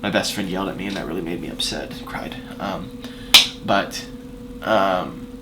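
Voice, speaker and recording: A man telling a personal story in a casual vlog, rambling with fillers and restarts and swinging between loud emphatic bursts and quiet asides. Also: low voice, normal speed, heavy background noise.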